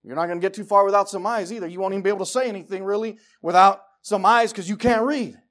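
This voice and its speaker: A man preaching a sermon, telling folksy, jokey stories and swinging from hushed asides to loud outbursts. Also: high-pitched, steady tone, fast.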